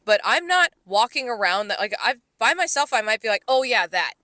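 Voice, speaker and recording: A woman co-hosting a casual podcast, telling workplace and home stories in a loose, meandering way full of filler words. Her voice is bright and forceful, set close and dry against the mic. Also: fairly high pitch, lively intonation, fairly quick, no echo. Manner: rambling storyteller, heavy "like" fillers, laughs often. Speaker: podcast co-host. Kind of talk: casual chat.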